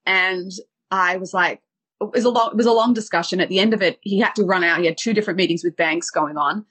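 Breathy woman telling a heartfelt story. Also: lowish voice, fast talker, fairly bright tone. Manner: vivid retelling with acted quotes. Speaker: dating and relationship coach. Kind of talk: emotional personal storytelling.

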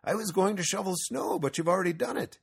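A man voicing a helpful, cheerful young farmhand in a storybook reading, brisk and friendly. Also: high voice, vocal fry, slightly rough, pitched above the performer's own voice, full character voice.

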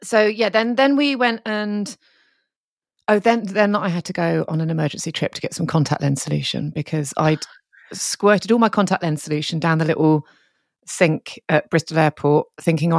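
A woman co-hosting a podcast, telling stories in a chatty, animated way. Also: sits low, normal speed, gravelly, no room sound, studio quality. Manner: chatty, animated storytelling with quoted voices. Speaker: podcast co-host. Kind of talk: casual chat.

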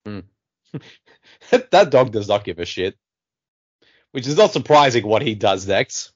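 A man trades jokes while watching a film, his pitch rising and falling in a lively, animated way. His delivery is casual and playful. The audio is dull and lo-fi. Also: unhurried. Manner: jokey, playful asides with silly voices. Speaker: film commentary co-host. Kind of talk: casual movie commentary chat.

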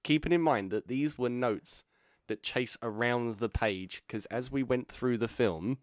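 A man's voice: medium pitch, measured pace, no room sound, studio quality. A man co-hosting a casual podcast chat, jokey and laughing often. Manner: jokey, laughs often, plays with silly voices. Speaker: podcast co-host.

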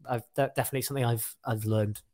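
A male podcast host chats casually with his guest. His voice sits at an average pitch, and he talks in loose, friendly runs, often laughing through his words. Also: steady tone, racing, a little mellow. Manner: chatty, laughs while talking. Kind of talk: casual chat.

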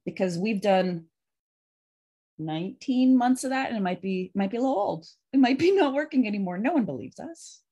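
A woman's voice: medium pitch, normal speed, muffled recording. A woman coach talking casually and animatedly to a virtual group, then reading a poem aloud. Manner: animated, chatty, frequent "like".

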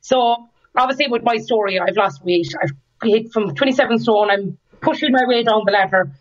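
A woman's voice: on the high side, normal speed, dull audio. A young Irish woman, a podcast guest, telling a story in casual chat and acting out the voices of the people in it. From Ireland. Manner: lively, animated, acts out dialogue.

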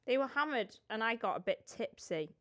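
Brief: young adult female podcast co-host, high-ish animated voice, casual and cheeky, reads messages with laughs. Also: normal speed. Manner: laughing, swearing, animated reading. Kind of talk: casual chat, reading listener messages aloud.

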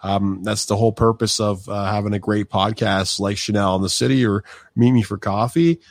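Low-voiced rambling male podcast host. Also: fairly even intonation, moderate pace, vocal fry, dry recording, studio quality. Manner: loose, rambling, many fillers and restarts. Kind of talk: casual interview chat.

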